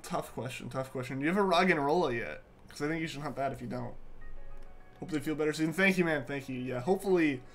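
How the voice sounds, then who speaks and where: A man's voice: a little high, fast, creaky, a bit bright, faint music behind. A young man hosting a live game stream, chatting casually with viewers and often repeating himself, his voice congested as he gets over a sore throat. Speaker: livestream host. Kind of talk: casual live-stream chat while gaming.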